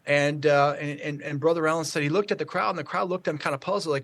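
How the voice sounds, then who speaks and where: A man telling a church testimony story on a call, halting, with many fillers and restarts. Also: on the high side, fairly even intonation, fairly bright tone. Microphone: call audio.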